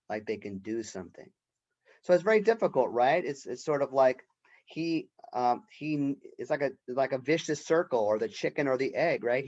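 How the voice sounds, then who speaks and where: A man lecturing a college class in a relaxed, conversational manner, often tagging his points with a quick "right?". His voice sits in a middle pitch. The recording is dull and lo-fi. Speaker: college literature professor.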